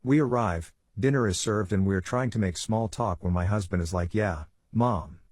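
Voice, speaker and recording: A man narrating a bedtime story with a steady, even storytelling delivery. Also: on the low side, moderate pace, dry recording.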